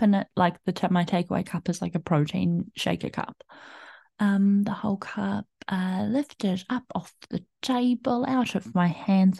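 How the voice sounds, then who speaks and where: A young woman hosts her own podcast and talks through a personal story, looping back on herself with plenty of fillers and little laughs. Her voice is mellow and relaxed. The recording is close and dry, with no room sound. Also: mid-range voice, gravelly, no echo. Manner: chatty, rambling, many fillers and restarts, laughs often. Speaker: podcast host.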